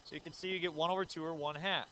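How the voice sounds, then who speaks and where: Bright-voiced man teaching algebra. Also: on the high side, fairly even intonation, very fast, slight background noise, poor audio. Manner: explains step by step, asks the class questions; says 'uh' and 'um' often. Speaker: math teacher. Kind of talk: recorded math lecture.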